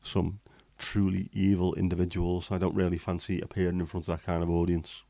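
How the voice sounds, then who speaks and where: Deep, flat-voiced man chatting. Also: a little fast, vocal fry, no room sound. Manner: rambling, jokey, chatting to viewers. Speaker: livestream host. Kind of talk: casual livestream chat.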